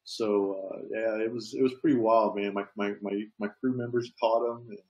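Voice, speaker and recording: A man's voice: on the low side, fairly even intonation, moderate pace, darkish tone, lo-fi sound. A police officer telling a story in a casual, easygoing way, often tossing in "man". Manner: easygoing, peppers talk with "man".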